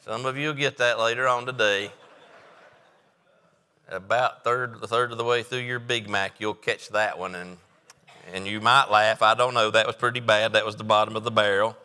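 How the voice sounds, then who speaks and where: Bright-voiced pastor preaching in a church. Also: male voice, on the low side, fairly even intonation, normal speed, smooth. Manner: folksy, joking, with frequent fillers. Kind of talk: sermon. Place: church sanctuary. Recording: reverberant church sanctuary.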